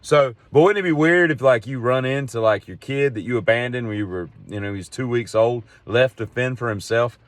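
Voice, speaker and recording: A man's voice: mid-range voice, a little fast, few pauses, no room sound. A middle-aged man, talking in a rambling, wry monologue as a podcast host. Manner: digressive storyteller, wry and exasperated.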